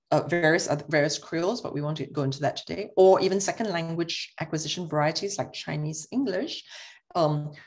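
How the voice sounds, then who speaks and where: Woman lecturer, lowish voice, methodical explainer. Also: darkish tone. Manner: explanatory, checks in with "okay". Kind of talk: academic lecture.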